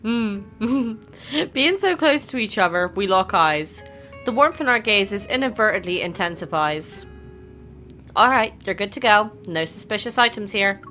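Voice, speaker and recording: A woman's voice: medium pitch, expressive, a little slow, bright, forceful tone, faint music behind. A woman hosting a casual game playthrough, chatting, reacting and reading the story aloud. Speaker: gaming channel host.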